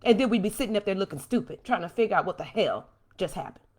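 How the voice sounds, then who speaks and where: A woman's voice: medium pitch, fast. A woman hosting a livestream from home, speaking with passion and answering viewer comments. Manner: impassioned, animated, reads and answers viewer comments. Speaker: host.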